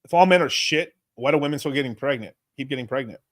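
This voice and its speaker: A man's voice: medium pitch, fast, no room sound, studio quality. A young man hosting a podcast, rambling and swearing as he riffs in casual chat. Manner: rambling, profane, animated storytelling. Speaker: podcast host.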